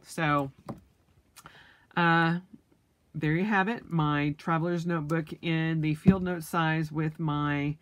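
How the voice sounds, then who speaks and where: Low-pitched young woman rambling about her planner, lots of ums, bit hiccupy. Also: steady tone, slow pace, pauses often. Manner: chatty, many ums and restarts. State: has the hiccups. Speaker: planner vlogger. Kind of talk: casual flip-through chat.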